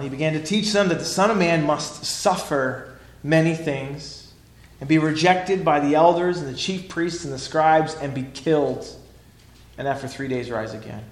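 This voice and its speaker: A male pastor preaching a sermon emphatically, swinging between loud declarations and hushed lines. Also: fairly high pitch, reverberant.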